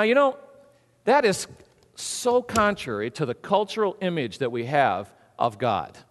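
A man preaching a sermon, animated and conversational, swinging from hushed asides to booming emphasis. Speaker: pastor. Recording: long hall reverb.

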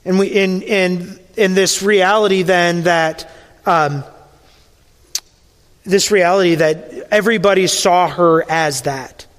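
A man preaching a sermon, retelling a scene as a story and dropping to a hushed voice at the emotional moments. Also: high-pitched, takes it slowly, long reverb tail.

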